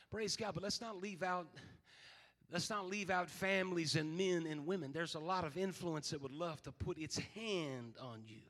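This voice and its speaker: A man's voice: fairly high pitch, a bit bright, long reverb tail. A man pastor preaching a fervent sermon, quoting scripture and calling on the congregation to respond.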